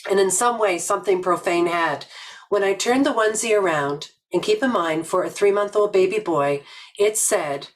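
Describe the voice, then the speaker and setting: An older woman from Nova Scotia giving a reflective webinar talk, telling stories slowly and earnestly with many pauses. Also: lowish voice, poor audio. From Nova Scotia, Canada. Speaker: webinar presenter.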